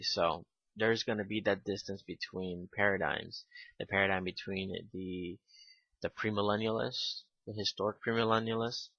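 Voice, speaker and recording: A man giving casual spoken commentary, halting with fillers and restarts, and given to irritated asides. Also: fairly low pitch, vocal fry, a bit bright, no room sound. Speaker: video commentator. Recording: dull lo-fi home recording.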